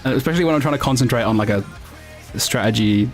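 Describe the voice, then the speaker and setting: Male streamer, mid-pitched, chatty and rambling, faint music underneath. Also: fast. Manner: rambling and chatty, self-correcting, laughs often. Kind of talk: casual livestream chat, answering viewers.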